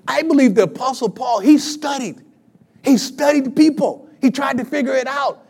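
A preacher in his fifties delivers his sermon with lively energy. His voice sits high for a man. He keeps drawing the congregation in with questions. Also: moderate pace, vocal fry, slightly rough. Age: 50s. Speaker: pastor.

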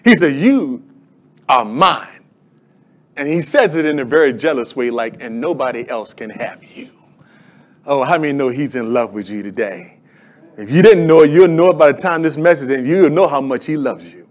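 A man preaching with a high, ringing voice. He leads the congregation in call and response and builds into emphatic, declaring lines, like a pastor in full sermon. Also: a little fast, darkish tone.

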